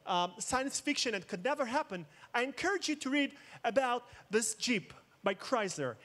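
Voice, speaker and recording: A man's voice: very high-pitched, fairly bright tone. A man giving a keynote talk, mixing jokes with dramatic storytelling. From Israel. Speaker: conference speaker. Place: outdoor festival main stage.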